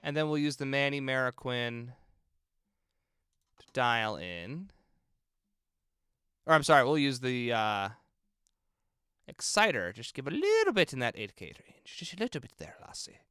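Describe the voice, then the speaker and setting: A man's voice: mid-range voice, wildly swooping pitch, unhurried, long pauses, fairly bright tone, smooth, dry recording, studio quality. A man, a film composer, chatting casually and thinking aloud as he mixes game music on a live stream and answers viewers in chat.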